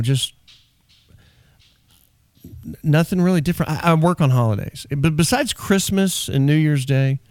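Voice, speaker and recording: A man hosting a radio show, joking and bantering quickly in the studio. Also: fairly high pitch, darkish tone, dry recording. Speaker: radio host. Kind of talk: casual radio talk.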